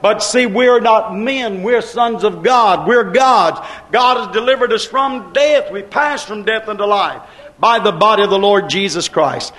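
Preacher guy with a really high voice, slow drawn-out stresses, builds to shouting. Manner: repetitive, rhythmic preaching cadence. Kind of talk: sermon.

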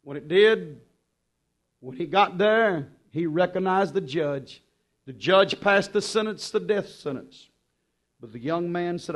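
A man preaching a sermon, impassioned and urgent, then dropping to quiet low passages. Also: animated, measured pace.

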